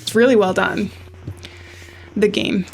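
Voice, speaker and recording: A woman's voice: mid-range voice, steady tone, slow pace, slight background noise. A woman playing a narrative game, chatting casually and reading the game text aloud in a thoughtful way. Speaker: let's play gamer.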